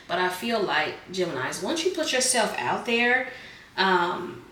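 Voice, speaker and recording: A woman doing a casual tarot reading, a bit hoarse as she is losing her voice, chatting loosely with many fillers. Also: mid-range voice, sing-song, unhurried, pushed and bright, echoey room, far from the mic, a little hiss or hum. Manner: chatty, filler-heavy, calls viewers "Geminis". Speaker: tarot reader.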